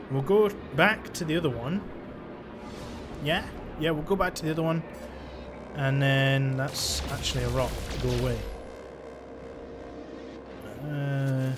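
A young man giving chatty, exasperated let's-play commentary as he plays, talking to himself. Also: fairly high pitch. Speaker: gaming channel host.

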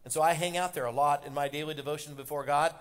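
A man's voice: a little high, fairly even intonation, fast. Man preaching in a reverberant church. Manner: impassioned, rising loud on the father's words. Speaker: pastor. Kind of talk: sermon. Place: church sanctuary. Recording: long hall reverb from a church sanctuary.

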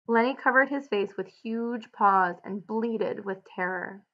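A woman teacher reading a novel aloud and adding clear, explanatory asides for students. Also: medium pitch, measured pace, few pauses, dull audio. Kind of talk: read-aloud with guided annotations.

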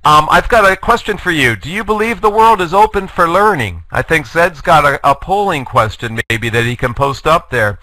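A man leads a live online lecture with a bright, forward tone. The sound is dry and close, with no room around it. He jokes at his own expense and keeps rallying his listeners to join in. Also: on the high side, animated, normal speed, hardly any pauses, dry recording, poor audio. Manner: jokey, self-deprecating, rallies the audience. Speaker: guest lecturer. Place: online webinar.

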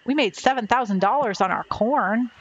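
A woman's voice: on the high side, normal speed, slightly rough, muffled recording. A sleepy woman chatting casually while she plays a farming game, yawning now and then and asking questions. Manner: drowsy, yawning, chatty, talks softly to pets. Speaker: streamer playing a farming game. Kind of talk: casual gameplay chat.

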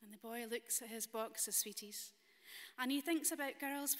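A Scottish woman minister telling a children's story in a church service in a gentle, playful way. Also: a little high, normal speed. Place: large stone cathedral. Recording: long cathedral reverb.

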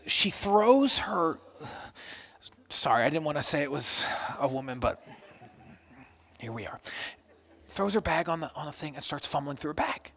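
Pastor in his thirties, lively storytelling sermon, fairly high male voice, shouts out the quoted lines. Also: vocal fry. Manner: animated, self-deprecating, acts out quotes loudly.

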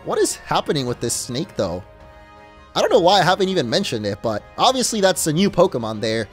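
A man's voice: fairly high pitch, huge pitch swings, brisk, faint music behind. A man giving chatty, joking, self-deprecating commentary while playing a video game. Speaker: let's play host. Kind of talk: casual gameplay commentary.

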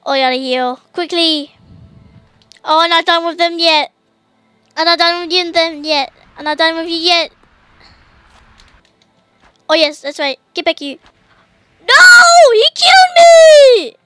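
A woman giving casual let's-play commentary, talking to herself and to the creatures on screen, and yelling commands at the game when things heat up. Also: extremely high pitch, unhurried, pauses often, no echo. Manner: excitable, yells commands at the game. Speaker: gamer streamer.

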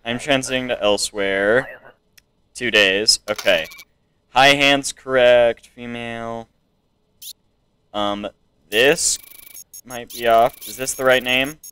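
A man's voice: mid-range voice, slow, pauses often, bright, forceful tone, smooth, dry recording. An American man casually commenting to himself while playing a video game. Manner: musing, talking to himself. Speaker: gamer. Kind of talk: let's play commentary.

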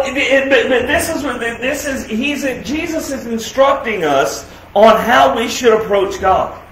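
High-voiced pastor preaching in an echoey church. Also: male voice, slow, hardly any pauses. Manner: emphatic preaching with rhetorical questions; swings between loud declarations and quiet, soft asides. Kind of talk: sermon. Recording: echoey room sound.

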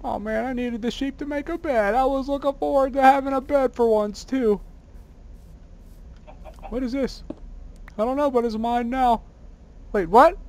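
A gamer commenting on their own play in a very high voice. They exclaim constantly, whine when things go wrong, and poke fun at their own mistakes. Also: moderate pace, long pauses. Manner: excitable, exclaiming and whining at the game; self-mocking.

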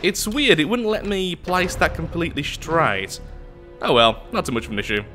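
A man's voice: a little high, sing-song, moderate pace, sharp tone, faint music behind. A man giving casual, jokey let's-play commentary, reading on-screen text aloud and exclaiming. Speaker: gameplay commentator.

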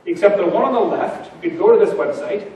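Hombre enérgico en un salón con mucho eco. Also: male voice, high voice, fast, heavy reverb, recorded from a distance, slight background noise, poor audio. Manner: energetic, punchy, rhetorical questions. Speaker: keynote speaker. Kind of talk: conference keynote. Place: large conference hall.

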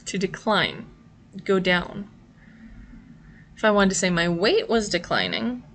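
A woman's voice: fairly low pitch, sharp tone, a little hiss or hum. A woman teaching a sign language class, explaining each sign patiently and step by step. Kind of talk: instructional explanation.

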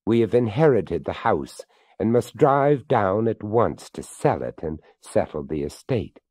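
A man's voice: fairly low pitch, animated, unhurried, a little mellow, breathy edge, no room sound, clean studio sound. A man voicing a troubled young husband who speaks hesitantly and without enthusiasm. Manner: hesitant, trembling.

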